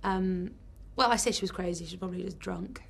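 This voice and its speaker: A woman, a stage actress, chatting in an interview and telling lively stories about the audience. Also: on the low side, fast, gravelly, breathy edge. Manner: chatty storyteller, acts out lines. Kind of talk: casual interview chat.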